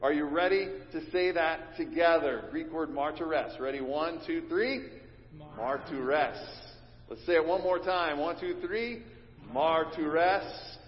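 A man preaching a sermon as pastor, teaching and leading his congregation in call and response. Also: a little high. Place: church sanctuary. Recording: dull recording in a reverberant church hall.

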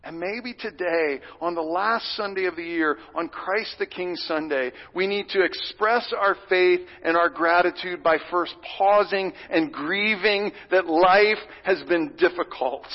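A male pastor preaches in a high, earnest voice, rising into loud pleading and dropping to hushed whispers. The sound is dull and lo-fi, with a long reverb from a large sanctuary. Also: unhurried, few pauses. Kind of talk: sermon.

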